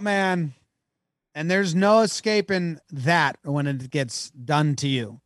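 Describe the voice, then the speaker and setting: A man co-hosting a podcast, bantering casually about baseball in an animated, jokey way. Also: on the high side, slow pace, no echo, studio quality. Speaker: podcast co-host. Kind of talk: casual sports chat.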